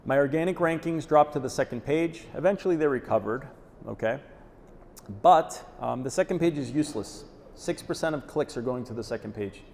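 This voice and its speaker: A man's voice: medium pitch, a little fast, gravelly, a little mellow. A man giving a live conference talk, punchy and direct, often checking in with "okay?" after a point. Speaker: conference presenter. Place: conference hall. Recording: reverberant hall, faint noise.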